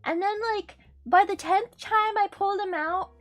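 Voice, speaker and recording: A woman's voice: very high voice, a little slow. A woman streaming a game, chatting casually, swearing freely and laughing often. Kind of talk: casual gaming stream chat.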